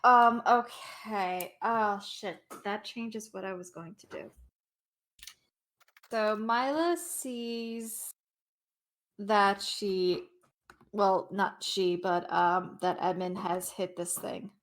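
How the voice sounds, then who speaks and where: A woman's voice: medium pitch, steady tone, drawn-out words. A woman playing a tabletop role-playing game, hesitant and full of "um"s. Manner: apologetic, hesitant, many fillers. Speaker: player.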